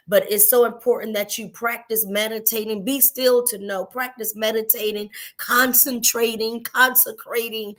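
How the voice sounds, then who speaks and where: Middle-aged woman minister, fairly high voice, earnest devotional teacher who repeats her key lines. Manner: earnest, repeats phrases for emphasis; tells personal stories to the listener. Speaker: minister giving a midday devotional.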